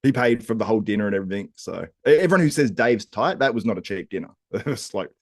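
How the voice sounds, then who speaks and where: A young man telling a lively story on a casual podcast, laughing often. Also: lowish voice, fast, no echo, studio quality. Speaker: podcast host.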